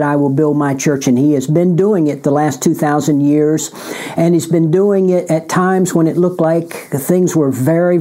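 Man, pastor delivering bible teaching, unhurried and mellow, emphatic with repeated phrases. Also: fairly high pitch. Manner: deliberate, emphatic, repeats key words. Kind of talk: sermon-style bible teaching.

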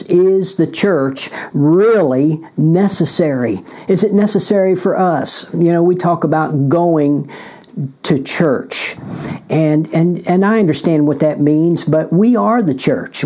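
A man, a pastor giving a bible teaching in a deliberate, emphatic way that repeats key words. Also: fairly high pitch, warm tone. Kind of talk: sermon-style bible teaching.

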